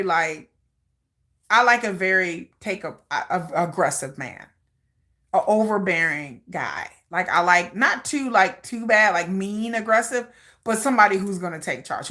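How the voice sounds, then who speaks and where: A woman hosting a livestream in casual chat, rambling and animated and laughing often. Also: on the low side. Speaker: livestream host.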